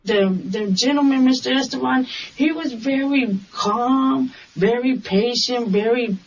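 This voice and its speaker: A woman taxi driver recounting events in an interview, acting out the quoted dialogue in an animated way. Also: a little high, measured pace. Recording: distant dull recording with hiss.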